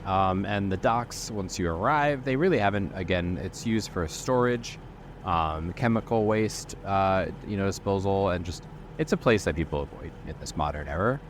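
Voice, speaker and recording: A man's voice: sits low, expressive, normal speed, slight background noise. A man running an improvised tabletop role-play as game master, telling the story loosely with lots of fillers.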